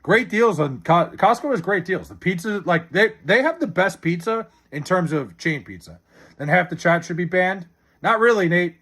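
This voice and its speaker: Young man, streamer, casual live chat, blunt, swears a lot, fairly high voice, lively pitch. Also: normal speed. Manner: blunt and profane, swears often, answers chat questions.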